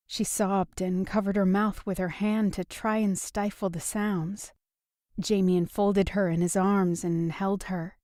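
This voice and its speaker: Lady reading a romance audiobook, warm dark voice, dry close sound. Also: mid-range voice, dry recording. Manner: even, measured storytelling. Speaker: audiobook narrator. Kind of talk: scripted narration.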